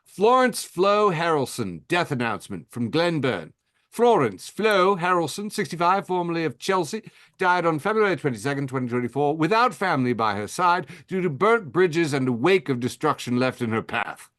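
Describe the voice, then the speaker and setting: A prim British gentleman, as a man puts him on, reads a death notice in a mock-solemn, formal tone. The voice sits noticeably higher than the speaker's usual talk. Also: sing-song, moderate pace. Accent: put-on British.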